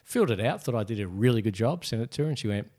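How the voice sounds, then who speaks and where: Middle-aged man, low-ish, author recounting his book's road in conversation. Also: very fast. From Australia. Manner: animated, acts out quoted voices. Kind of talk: casual interview storytelling.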